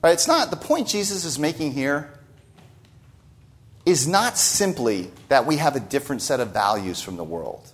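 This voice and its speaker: A man's voice: medium pitch, sing-song, normal speed, a bit bright. A man preaching a sermon, teaching from a Bible passage with emphatic stresses and rhetorical asides.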